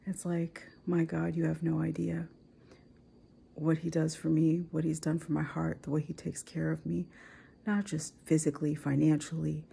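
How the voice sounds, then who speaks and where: A woman in her forties speaking in a personal vlog, tearful and soft, often dropping to a whisper. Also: sits low, monotone, moderate pace, gravelly, a little hiss or hum. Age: 40s. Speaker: vlogger.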